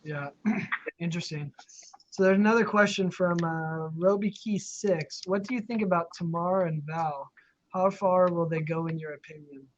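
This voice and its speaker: A man's voice: fairly high pitch, steady tone, moderate pace, highs cut off, a little hiss or hum. A man hosting a casual live video chat, reading out viewer questions, talking chattily with frequent laughs and fillers. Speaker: live stream host. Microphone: video call.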